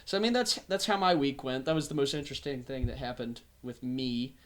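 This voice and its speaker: A young man from the American South hosting a podcast, telling a story in a casual, animated way. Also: medium pitch, brisk. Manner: animated storyteller, acts out voices. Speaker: podcast host. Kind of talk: casual chat.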